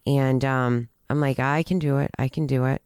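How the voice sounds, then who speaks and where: A woman telling a personal story in a halting, earnest way, with many restarts and fillers. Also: a bass voice, fairly even intonation, darkish tone, clean tone, no echo, studio quality. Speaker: guest telling her recovery story.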